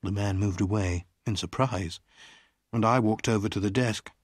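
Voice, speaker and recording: A reader slowly and clearly narrating a graded-reader story. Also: sits low, no room sound, clean studio sound. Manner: slow, clearly paced storytelling. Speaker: audiobook reader.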